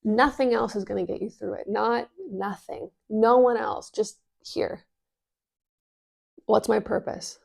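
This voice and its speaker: A woman talking casually as a business coach, energetic and full of fillers, swearing now and then. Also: mid-range voice, measured pace, creaky. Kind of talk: casual explainer vlog.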